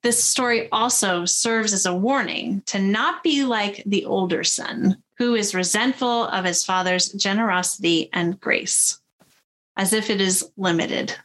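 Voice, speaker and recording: A woman's voice: mid-range voice, a little slow, a bit bright. A woman pastor giving a sermon in a friendly, conversational manner, reading scripture and laughing easily.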